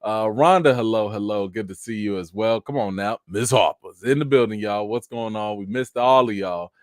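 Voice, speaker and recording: A man hosting a casual live-stream chat, telling an animated story with acted-out reactions and greeting viewers by name. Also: fairly low pitch, moderate pace, dry recording, clean studio sound.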